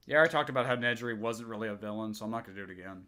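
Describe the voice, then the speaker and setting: A man's voice: fairly low pitch, very fast, bright, forceful tone, slight background noise. A man hosting a reaction video, talking in a defensive, exasperated way. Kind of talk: casual commentary.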